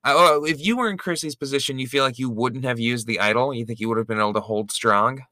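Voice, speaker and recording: Man in his twenties, podcast host, joking, bright voice, dry recording. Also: mid-range voice, fast, dry recording. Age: 20s. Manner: joking, playful, talks over the co-host. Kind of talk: casual chat.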